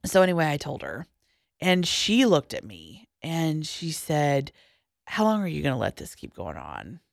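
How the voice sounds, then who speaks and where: A young woman telling a personal story as a podcast guest, halting, with restarts and pauses, going quiet at the hardest parts. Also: sits low, huge pitch swings, vocal fry, no echo, studio quality. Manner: halting, with frequent restarts and trailing-off lines, dropping quiet at hard moments.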